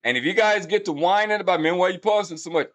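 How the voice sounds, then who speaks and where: A man's voice: high voice, quick pace, a bit bright, faint music behind. A man hosting a hip hop breakdown channel, talking casually and brashly to his viewers and counting out beats aloud to explain rhythm. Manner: brash, talks straight to viewers. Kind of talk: casual music breakdown commentary.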